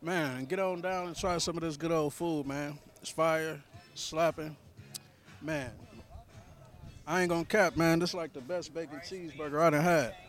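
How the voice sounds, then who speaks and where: Vlogging food reviews at an outdoor market, a man keeps up hyped, slangy chatter and calls everyone "man." His voice is a little high, his intonation fairly even, and his speed normal.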